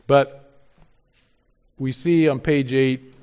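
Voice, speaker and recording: A man preaching a sermon in an earnest way, rising to emphatic peaks and then dropping soft. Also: medium pitch, steady tone, drawn-out words, clean tone. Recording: dull lo-fi sound.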